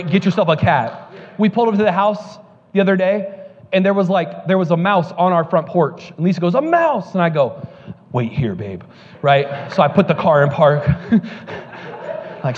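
A man's voice: high-pitched, big-room sound, dull audio. A male pastor preaching a sermon, telling joking stories before building to fervent preaching at a church service.

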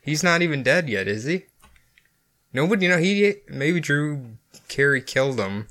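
Laughing, bright-voiced young man. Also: on the high side, expressive, normal speed. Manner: laughs often, joking and crude. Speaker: podcast co-host. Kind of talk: casual comedy chat.

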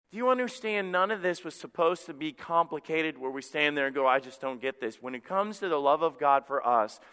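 A middle-aged male pastor delivers a sermon, telling stories in an animated, self-deprecating way. His voice is bright and crisp, sitting a little high for a man. It rings out with a long church-hall reverb.

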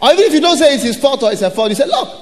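High-voiced man preaching in a hall. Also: animated, very fast. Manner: shouted, sing-song preaching with laughter and mimicry. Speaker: pastor. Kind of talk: sermon. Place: large church hall. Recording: hall reverb with faint noise.

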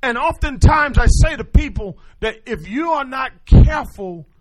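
A man's voice: extremely high pitch, normal speed. A male pastor preaching a sermon, calling out questions to the congregation and answering them himself. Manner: call-and-response preaching, animated.

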